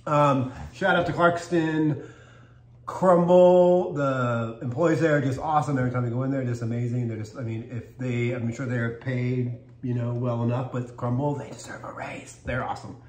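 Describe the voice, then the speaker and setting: This cookie reviewer talks at normal speed in a medium-pitched voice with fairly even intonation. Hosting his casual tasting vlog, he stays upbeat and chatty while chewing, and the echoey room adds faint background noise.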